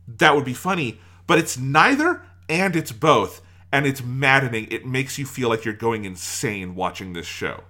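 A man's voice: medium pitch, big pitch swings, moderate pace, few pauses, bright, forceful tone. A man co-hosting a podcast, ranting in exasperation about a show and firing off rhetorical questions. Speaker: podcast co-host. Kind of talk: casual review discussion.

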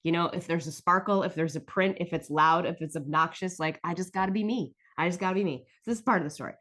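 A woman's voice: fairly low pitch, fast talker, fairly bright tone. Emotional, cursing woman telling a story. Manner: emotional, swearing, lots of "like". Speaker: podcast host. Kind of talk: casual storytelling.

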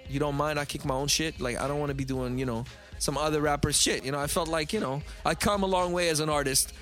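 Animated, swearing storyteller man. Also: on the high side, fast, faint music behind. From Canada. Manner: animated, profane, acts out other people's voices. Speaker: guest storyteller. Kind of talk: casual podcast storytelling.

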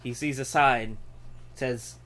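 A man's voice: mid-range voice, fairly even intonation, unhurried, fairly bright tone. A man narrating an improvised comedy scene, often breaking into laughter.

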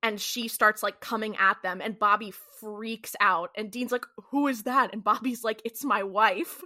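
A woman's voice: medium pitch, steady tone, moderate pace, pushed and bright. A woman co-hosting a podcast, casually recapping a TV episode in a chatty way, full of "like" and some swearing. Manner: chatty, peppered with "like", swears freely. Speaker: podcast co-host.

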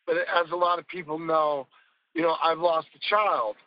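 A man's voice: fairly high pitch, steady tone, normal speed, highs cut off. A man speaking as a podcast guest, telling rambling, emphatic stories in casual conversation and swearing now and then.

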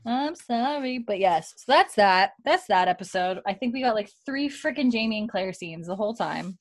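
Recorded dry, this medium-pitched female co-host talks at normal speed with lots of animation. In a relaxed podcast conversation, the young woman walks through a TV episode, voicing the characters and filling her sentences with "like."

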